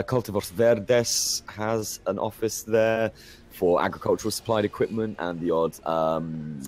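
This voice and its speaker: A man's voice: low-pitched, darkish tone. A man narrating a tabletop game as game master, rambling with many fillers while he checks his notes.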